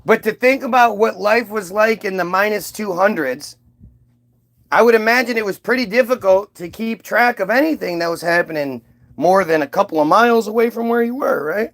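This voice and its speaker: A commentator with a notably high-pitched, slightly bright voice delivers a loose, casual monologue at normal speed. He rambles, swears freely, and mocks, looping back through asides and restarts.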